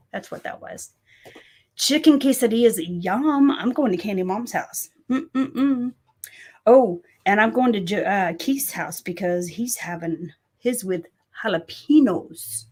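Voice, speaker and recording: Chatty woman reading live-stream comments. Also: on the low side. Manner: chatty, reads viewer comments aloud. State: sore throat. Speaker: livestream host. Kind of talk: casual live-stream chat. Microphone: desk microphone.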